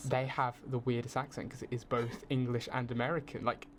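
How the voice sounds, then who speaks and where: A man's voice: medium pitch, level tone, a little fast, slight background noise. A young British man, a film student, chatting casually as a podcast guest, laughing often and restarting his sentences. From United Kingdom. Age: young adult.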